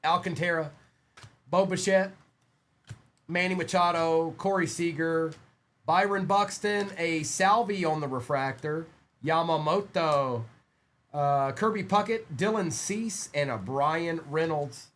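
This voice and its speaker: An upbeat, chatty man hosts a live-stream card break. His voice sits a touch high as he greets viewers and rattles off player names in quick succession while ripping packs. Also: fairly bright tone.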